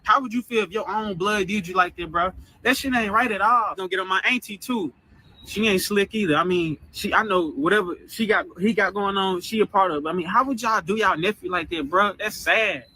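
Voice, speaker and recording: Aggrieved young man, high and bright. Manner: aggrieved, rambling, fast and repetitive. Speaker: guest telling his story. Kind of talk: casual venting to camera.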